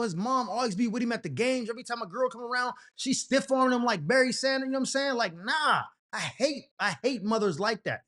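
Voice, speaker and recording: A man's voice: very high-pitched, a bit bright. A man hosting an advice show, talking in a slangy, fired-up, heated way. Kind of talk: casual advice rant.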